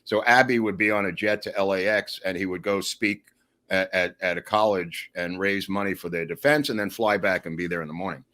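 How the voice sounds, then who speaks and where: A man telling a long story in a casual podcast chat, animated and digressive, often acting out the quotes he tells. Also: deep voice, brisk.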